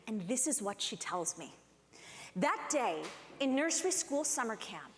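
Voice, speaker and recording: A woman giving a conference talk, telling a personal story in an animated way and acting out the voices of the people in it. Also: sits high. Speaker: conference speaker. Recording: echoey hall with long reverb.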